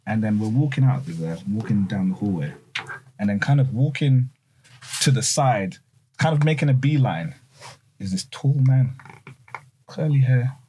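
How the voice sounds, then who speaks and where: A young man from London with a British accent, excitedly telling a story in a casual group chat, full of "I was like". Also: mid-range voice, moderate pace, long pauses, slight background noise.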